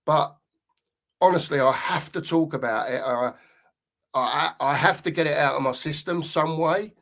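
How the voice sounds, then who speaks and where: Fuming bloke ranting about his football club on a live stream, swears a lot, kinda high voice. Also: moderate pace, vocal fry, fairly bright tone. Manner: angry, sweary, repeats himself. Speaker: podcast host.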